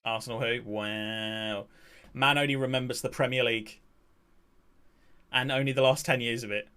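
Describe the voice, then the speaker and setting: A man's voice: mid-range voice, steady tone, moderate pace, pushed and bright, clean tone. Bantering male game streamer. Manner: bantering, reading and answering chat, swears casually. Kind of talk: casual live-stream chat.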